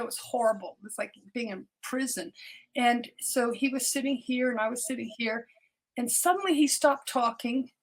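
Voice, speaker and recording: High-voiced older woman telling her story. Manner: earnest, repeats words when starting sentences. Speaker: podcast guest, doctor. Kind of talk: personal storytelling interview.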